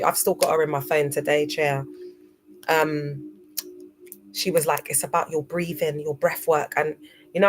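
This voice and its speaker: A woman hosts a motivational livestream in a fairly low voice. She talks earnestly and directly to her viewers, calling them "guys" and reading passages from her notes. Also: slight background noise. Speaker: livestream host.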